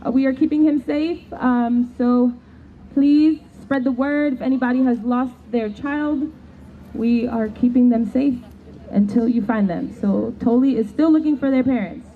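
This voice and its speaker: A woman's voice: a little high, measured pace, phone-quality sound, slight background noise. A woman making hesitant announcements at an outdoor protest, with many fillers.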